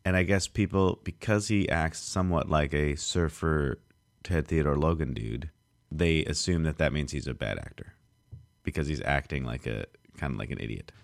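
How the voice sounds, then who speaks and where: A man from Canada with a very low, deep voice, chatting loosely on a podcast. He rambles and restarts his thoughts, recorded dry and close with no room sound. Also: moderate pace, vocal fry, dry recording. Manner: rambling, restarts often, tries impressions. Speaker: podcast co-host. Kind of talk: casual chat.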